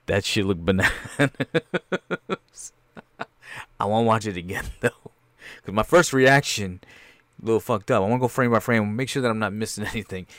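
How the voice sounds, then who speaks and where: A man giving a loud, laughing, profane comedic reaction to a movie trailer, full of slang. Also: fairly low pitch, quick pace, no room sound.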